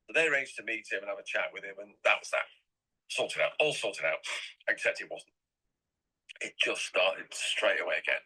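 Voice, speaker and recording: A man's voice: on the low side, lively intonation, normal speed, pauses often, bright, forceful tone, husky, rough recording. A middle-aged man from England, rambling and repeating himself as an interview guest. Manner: rambling and repetitive.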